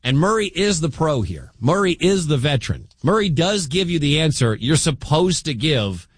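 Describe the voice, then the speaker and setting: A man hosting a sports talk show, arguing his opinions with lively swings in pitch. His voice sits at a middle height and sounds dry and close, with no room around it. He speaks straight to his listeners. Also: moderate pace, breathy edge, no room sound. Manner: animated, argumentative, talks straight to listeners. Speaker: sports radio host.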